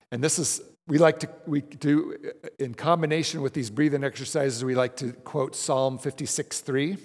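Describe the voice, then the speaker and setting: A man of middle pitch leads a group through breathing exercises and recitation in a large room. His casual, conversational teaching keeps checking in with the listeners, and a long hall reverb trails his voice. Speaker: class leader.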